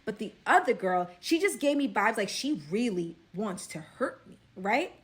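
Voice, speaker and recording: A young woman from Brooklyn with a Brooklyn accent, telling a casual storytime. She speaks in an animated way and drops to hushed tones for suspense. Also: a little high, normal speed. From Brooklyn, New York.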